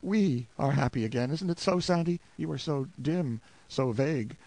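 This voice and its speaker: A man's voice: medium pitch, normal speed, a little mellow, natural voice. A man voicing a delirious dying man who speaks in broken, pleading, tender phrases. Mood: yearning.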